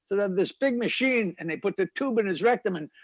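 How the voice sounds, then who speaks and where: A man telling a string of jokes, switching into quick character voices and laughing at his own punchlines. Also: high voice, expressive, no echo. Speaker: stand-up comedian. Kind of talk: joke telling.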